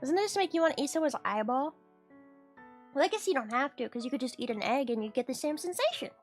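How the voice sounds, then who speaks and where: A woman's voice: high voice, animated, fast, soft background music. A woman streamer chatting casually with her viewers, rambling and giggly. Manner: rambling, giggly, talks to chat. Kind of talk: casual livestream chat.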